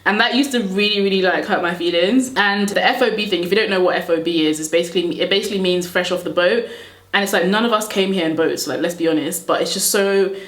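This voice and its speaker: A young woman from Nigeria chats through a get-ready-with-me video at home, her stories rambling and full of fillers. Her voice sits a little low. The room around her is echoey. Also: fast, a bit bright. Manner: chatty, rambling, laughs often, many "like" fillers. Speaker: beauty vlogger. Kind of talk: casual storytelling while doing makeup.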